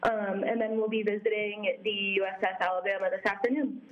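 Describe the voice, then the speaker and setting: A young woman from Vermont chats as a guest over a slightly dull, lo-fi line. Her pitch sits in the middle of the range. She sounds cheerful and drops in plenty of ums as she answers. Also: flat delivery, a little fast. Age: young adult. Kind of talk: casual interview.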